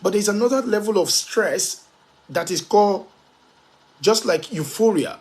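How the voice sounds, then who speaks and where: Delivering a forceful motivational talk, a male speaker with a somewhat higher-than-average pitch keeps repeating key phrases to drive his points in. Occasionally he slows down and spells a word out letter by letter.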